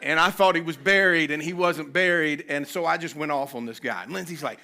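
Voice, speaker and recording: A man's voice: on the high side, fast talker, gravelly, hardly any pauses, pushed and bright. A man, telling a personal story animatedly as a conference speaker. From North Carolina, US. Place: conference venue.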